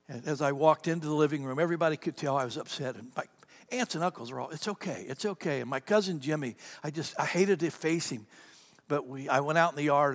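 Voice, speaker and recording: High-voiced man telling a story in a hall. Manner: animated storyteller, repeats words, addresses the audience. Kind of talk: sermon storytelling. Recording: reverberant hall.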